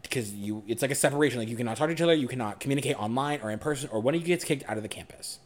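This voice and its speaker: A young man co-hosting a podcast, telling a personal story in a frank, animated way and swearing freely. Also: medium pitch, very fast. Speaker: podcast co-host.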